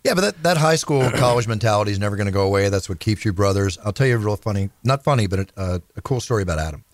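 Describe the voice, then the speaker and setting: Fast-talking lower-voiced male host. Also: expressive, no room sound. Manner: eager storyteller, asks questions. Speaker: podcast host. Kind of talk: interview hosting.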